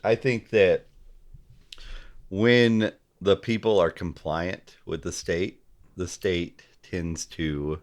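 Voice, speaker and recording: Slow, deep-voiced man musing aloud. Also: fairly even intonation. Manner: halting, repeats and restarts, gropes for names. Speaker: podcast guest. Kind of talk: casual political chat.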